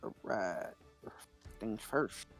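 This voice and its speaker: A man playing a tabletop game speaks hesitantly and hums to himself while he rolls. His voice is gravelly with a lot of fry, and he takes his time. Faint music sits in the background. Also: on the low side, expressive, very slow. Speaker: player. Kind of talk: casual tabletop play.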